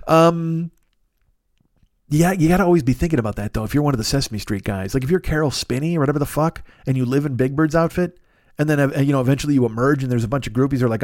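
Fast-talking crude man in his fifties. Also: medium pitch, a little mellow, no echo, clean studio sound. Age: 50s. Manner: rambling, crude, laughing at own jokes. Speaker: podcast host. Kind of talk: profane comedic monologue.

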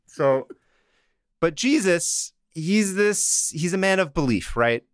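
A man's voice: high voice, animated, takes it slowly, dry recording, studio quality. A man co-hosting a podcast in a comedic casual chat, joking and laughing often. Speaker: podcast co-host.

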